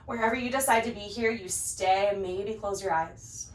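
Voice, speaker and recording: A woman instructor gently cueing poses in time with the breath during a guided yoga class, slightly out of breath as she moves along. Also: medium pitch, normal speed. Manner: calm, gentle cues paced to the breath. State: a little out of breath while practicing along. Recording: roomy, picked up from a distance.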